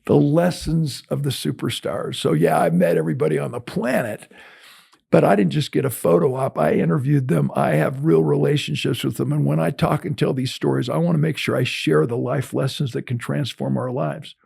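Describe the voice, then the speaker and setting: Older male guest storyteller, gravelly husky voice, mellow tone, lively delivery. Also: mid-range voice, brisk. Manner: animated storyteller, acts out dialogue. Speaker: guest motivational speaker. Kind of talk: storytelling in an interview.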